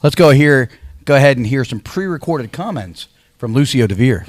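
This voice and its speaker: A man hosts a wrestling show and introduces each guest in an easygoing, chatty way. He pauses often on "uh" and talks at a middle pitch. The sound is dry and close. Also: lively intonation, no echo. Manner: laid-back, chatty, with frequent "uh" pauses. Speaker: show host. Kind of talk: casual hosting of a wrestling show.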